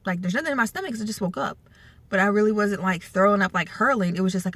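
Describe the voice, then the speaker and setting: A woman's voice: mid-range voice, fast, a bit bright, dry recording. A young adult woman talking casually to camera in a rambling, chatty vlog, full of fillers and asides. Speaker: vlogger.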